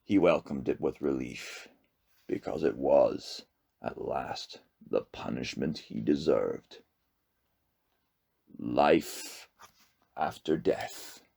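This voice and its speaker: A man narrating a novel aloud with slow, expressive storytelling. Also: a bass voice, vocal fry, husky. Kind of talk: audiobook reading.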